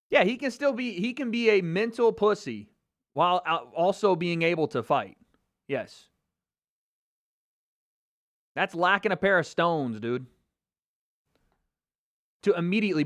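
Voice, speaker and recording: A man's voice: high-pitched, fairly bright tone, dry recording, studio quality. A man hosting a live MMA talk stream, commenting casually with mocking, profane banter and frequent laughter. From United States.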